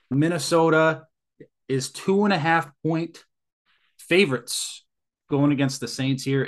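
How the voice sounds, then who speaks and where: A man hosting a casual sports podcast with friends, joking around as he walks through the week's betting lines. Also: medium pitch. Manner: joking, runs the segments. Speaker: podcast host.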